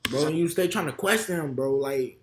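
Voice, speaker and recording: A man's voice: fairly high pitch, moderate pace. Heated young Chicago man reacting. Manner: heated, repetitive, slangy. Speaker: reaction video host. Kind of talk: casual reaction commentary.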